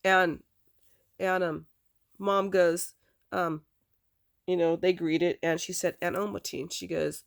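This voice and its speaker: Middle-aged woman with a creaky, gravelly voice recounting a personal family memory in loose, rambling speech. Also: lowish voice, steady tone, takes it slowly, pauses often. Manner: rambling, repeats "I said" as she recounts dialogue. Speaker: adopted daughter telling her family history. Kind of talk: casual spoken family story.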